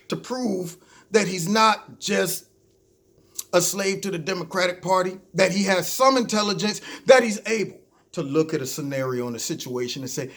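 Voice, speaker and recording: A man hosting his own show, giving ranting political commentary in an animated, mocking way and talking to listeners as "y'all". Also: high-pitched, normal speed. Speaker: show host.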